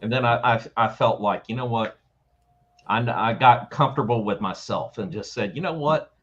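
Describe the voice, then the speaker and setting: A man's voice: on the low side, steady tone, normal speed, fairly bright tone, dull audio. A man with a Southern US accent from Jacksonville, Florida, chatting casually as a caller, telling stories with many restarts. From Jacksonville, Florida, USA. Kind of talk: casual chat.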